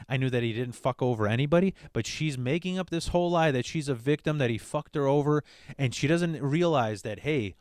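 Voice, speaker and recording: A man's voice: medium pitch, dry recording, studio quality. Blunt, profane man hosting a podcast. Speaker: podcast host. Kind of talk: casual comedic monologue.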